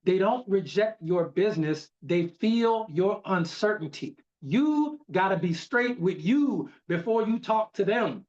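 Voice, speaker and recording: A man with a fairly high voice coaches his team on a video call, hammering his points home and repeating the key lines. His delivery is emphatic and preachy. The audio is dull and lo-fi. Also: expressive, unhurried, few pauses, darkish tone. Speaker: network marketing team leader. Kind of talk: motivational training talk.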